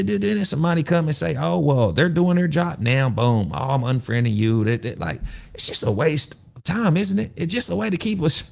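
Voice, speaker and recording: Gravelly-voiced man ranting on a livestream. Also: medium pitch. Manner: loose, rambling, repeats himself, asks viewers questions. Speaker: show host. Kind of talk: casual livestream commentary.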